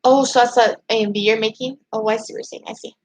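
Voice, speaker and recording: A woman hosting a casual livestream, chatting and reading viewer comments aloud. She rambles excitably, restarting her sentences often. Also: a little high, quick pace, low-quality recording. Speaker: YouTube channel host.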